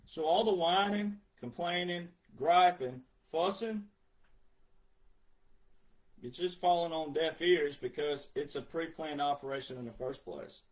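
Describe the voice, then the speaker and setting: A man giving an emphatic, sarcastic ranting monologue as a political commentator, with sudden loud outbursts. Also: a little high, measured pace.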